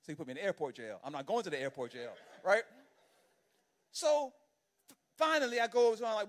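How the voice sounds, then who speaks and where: A man preaching a sermon as an animated, conversational storyteller who keeps checking in with the congregation by asking "right?". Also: sits high, quick pace, long pauses. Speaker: pastor.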